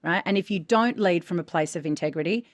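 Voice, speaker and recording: A frank, emphatic woman coaching voice actors in casual podcast chat. Her voice sits a little low for a woman, and she keeps checking in with "right?". The sound is dry and close, with no room echo. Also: fast. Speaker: voice-over coach and podcast co-host.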